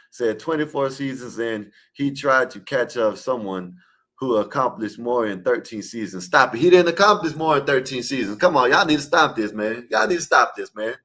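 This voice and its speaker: A man's voice: medium pitch, a bit bright. Man in a fired-up sports argument. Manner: emphatic, repetitive, scolding the listeners. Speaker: caller in an online open panel. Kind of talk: heated casual sports debate.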